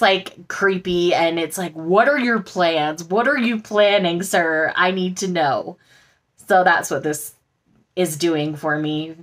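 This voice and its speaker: A woman vlogger chatting casually and gushingly about the books she just bought, with frequent fillers. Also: fairly low pitch. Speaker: book vlogger. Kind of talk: casual haul chat.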